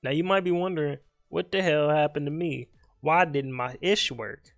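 This young man's slightly high voice has vocal fry, with faint music behind it, as he casually comments on his own live game. The streamer's style is joking, with remarks aimed at his opponent and quick mutters.

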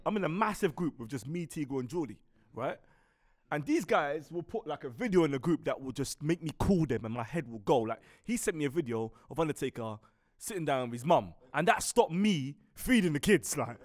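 British bloke on a podcast, rambly funny stories, voice goes all over the place. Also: male voice, fairly high pitch, lively intonation, a little fast. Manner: rambling, playful storytelling. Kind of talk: casual podcast chat.

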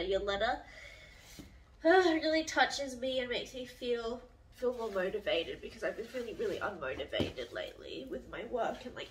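A woman, chatting softly in a home vlog, reading fan mail, a little emotional with a runny nose, with sudden bursts of excitement. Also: fairly high pitch. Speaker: vlogger. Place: home studio, indoors. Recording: distant mic, faint background noise.

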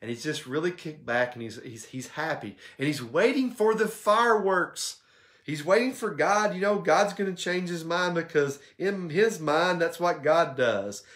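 Guy teaching bible study at church, chatty, keeps asking okay? right?, voice sits a bit high. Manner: conversational, checks in with "okay?" and "right?"; animated, acts out quotes with shifts in pitch.

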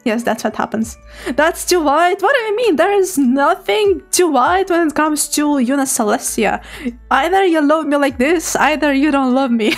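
A young woman streamer chatting casually with her live chat, giggling often, her throat a little hoarse. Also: high voice, animated, measured pace, faint music behind. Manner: giggly, laughs often, playful.

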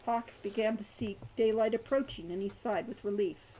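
A woman reading her own fantasy novel aloud in a measured, expressive way. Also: medium pitch, rough recording.

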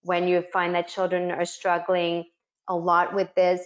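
A woman's voice: lowish voice, completely flat delivery, unhurried. A woman facilitating a webinar for child care educators, explaining practical activities step by step and modeling words the way she would for children. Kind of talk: instructional webinar talk. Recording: muffled lo-fi webinar audio.

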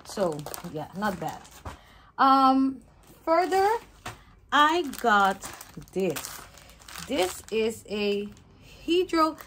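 A woman's voice: on the high side, sing-song, very slow, pauses often, fairly bright tone, a little hiss or hum. A young woman, expecting a baby, chatting casually through a haul vlog with hesitant fillers and Spanish words mixed in. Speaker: vlogger.

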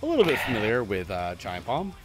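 Streamer host, male, lively swinging pitch, chatty and self-mocking, loud game music behind. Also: a little fast. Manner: chatty, excitable, self-deprecating. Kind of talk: casual gameplay commentary.

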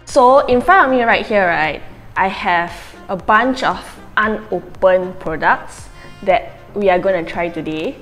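Young woman, casual beauty vlogger, chatty and rambling, mid pitch, faint music underneath. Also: unhurried, fairly bright tone. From Malaysia. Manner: chatty, rambling, many fillers. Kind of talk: casual chat.

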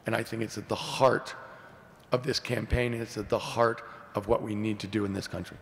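A man in his sixties, a presidential candidate answering questions at a forum in an earnest, measured way. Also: steady tone, gravelly. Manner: earnest, measured, repeats key phrases. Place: large hall at a public forum. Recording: echoey hall, faint rumble.

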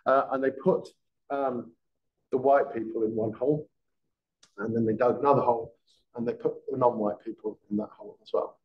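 A former police detective giving a conversational masterclass to a live audience, often quizzing them with questions. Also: male voice, mid-range voice, fairly even intonation, normal speed, a little hiss or hum. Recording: dull lo-fi sound.

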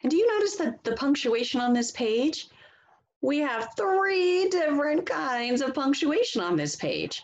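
Teacher lady reading a kids book out loud, slow and careful, voice going way up and down so kids can copy it. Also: high-pitched, lo-fi sound. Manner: slow, expressive echo reading with exaggerated rises. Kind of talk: children's read-aloud lesson.

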